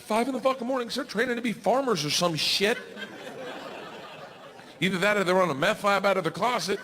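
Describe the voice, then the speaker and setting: A man in his thirties doing a crude, animated stand-up set on a club stage, telling a story with shouted outbursts. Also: high voice, moderate pace, slight background noise. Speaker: stand-up comedian. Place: comedy club stage before a laughing crowd. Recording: live club recording, crowd laughter.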